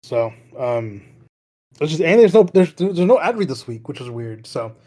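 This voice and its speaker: A man's voice: on the high side, sing-song, normal speed, dark tone. Laid-back man hosting a podcast. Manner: laughs often, heavy with "like" and "you know" fillers. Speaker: podcast host. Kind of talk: casual chat.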